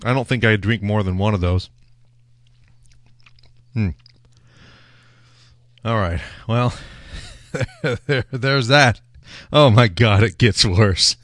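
A man's voice: fairly low pitch, slow, long pauses, fairly bright tone, no echo, studio quality. A man hosting his own beer show, talking casually in a rambling, wry, self-mocking way as he tastes a beer. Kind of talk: casual solo beer-tasting talk.

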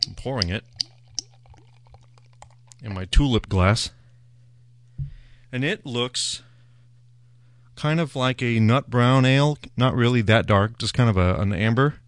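A man's voice: mid-range voice, slow pace, long pauses, no room sound. A man hosting his own beer show, talking casually in a rambling, wry, self-mocking way as he tastes a beer. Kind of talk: casual solo beer-tasting talk.

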